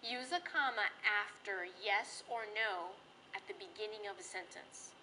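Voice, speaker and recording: A woman teacher giving a classroom grammar lesson in a patient, clear, sing-song way. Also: medium pitch, normal speed, bright, forceful tone, slight background noise, rough recording.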